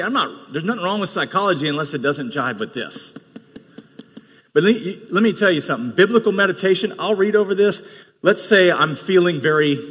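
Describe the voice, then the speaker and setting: A male pastor preaching an energetic sermon to his congregation, swinging between loud bursts and quieter teaching. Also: sits high, breathy edge. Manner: animated preaching with bursts of shouting. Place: church sanctuary. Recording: long reverb of a large hall.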